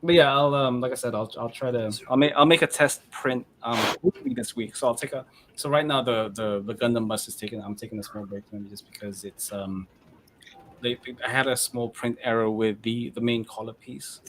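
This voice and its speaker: A man's voice: medium pitch, fairly bright tone, slight background noise. A man hosting a model-building stream, talking in a casual, rambling way with frequent restarts. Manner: rambling, halting, many restarts. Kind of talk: casual chat.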